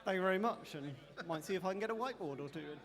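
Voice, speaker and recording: A man's voice: high voice, expressive, racing, a bit bright. A man interviewed after losing a robot fight, gracious and good-humored about it. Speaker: robot driver. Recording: reverberant hall.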